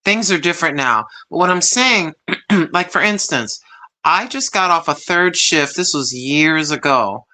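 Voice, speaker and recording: A middle-aged woman hosting a casual live stream, chatting in an animated way, telling stories and laughing often. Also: sits low, measured pace.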